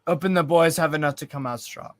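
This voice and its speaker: Talking quickly in a voice on the high side, the young watchalong host rambles about the football, reads out chat, and swears freely. There's no echo on the audio.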